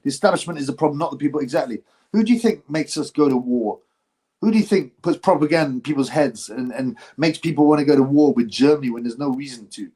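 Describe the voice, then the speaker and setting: A middle-aged man from England hosting a casual livestream, reading viewer comments in a rambling, animated way with frequent restarts. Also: mid-range voice, quick pace, breathy edge. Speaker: livestream host.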